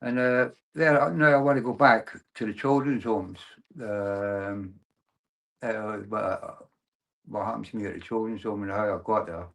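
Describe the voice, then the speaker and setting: A man in his sixties from Glasgow, telling his own story as an interview guest, in a halting way with frequent restarts and the filler "like, no". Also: fairly low pitch, creaky, fairly bright tone. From Glasgow, Scotland. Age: 60s. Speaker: guest, abuse survivor and campaigner. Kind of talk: personal testimony in conversation.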